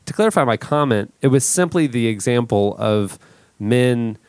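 A man's voice: mid-range voice, lively intonation, no room sound. A man in his thirties hosting a podcast, chatting casually in a rambling way with many restarts. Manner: rambling, halting, full of restarts. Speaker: podcast host. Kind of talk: casual chat.

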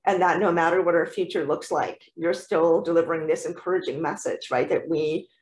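A woman's voice: deep voice, fairly even intonation, brisk, darkish tone. A woman hosting a podcast interview, effusive and encouraging as she praises her guest. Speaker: podcast host. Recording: echoey room.

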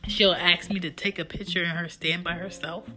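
A woman in her thirties casually telling stories about her children in an animated, chatty way. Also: fairly low pitch, normal speed. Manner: animated, chatty, acts out her kids' lines. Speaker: mother telling family stories. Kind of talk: casual storytelling. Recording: guitar music playing behind the voice.

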